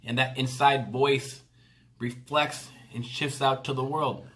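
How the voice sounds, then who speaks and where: A man's voice: medium pitch, steady tone, takes it slowly, fairly bright tone. A man, father of a young child, telling a personal story as a motivational speaker in an earnest, emphatic way. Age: adult parent of a nine-year-old. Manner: earnest, emphatic, acts out family dialogue.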